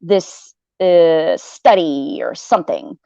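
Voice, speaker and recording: A woman's voice: lowish voice, slow pace, gravelly, warm tone, dry recording, highs cut off. A woman hosting a casual chat, telling a long dream story in a rambling, profane way, acting out what others said. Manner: rambling, profane, restarts often, acts out quotes. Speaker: host.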